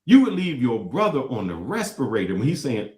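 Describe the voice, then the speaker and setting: A man hosting a talk show, with a mid-range voice that swings widely in pitch. He talks in an animated, preachy way and acts out the words of others. The sound is roomy and echoey. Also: a little fast. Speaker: podcast host. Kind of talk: casual commentary reacting to clips.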